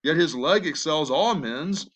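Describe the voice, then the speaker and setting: A man's voice: a little high, animated, unhurried, fairly bright tone. A man reading the lines of a complaining old nurse who teases and stalls, as a classroom reading from the play. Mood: grumbling. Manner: read aloud from the play text.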